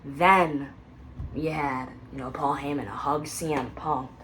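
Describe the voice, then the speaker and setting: A woman casually recapping a wrestling episode, rambling and excitable, with quiet muttered asides. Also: low voice, slow pace, a little hiss or hum, poor audio.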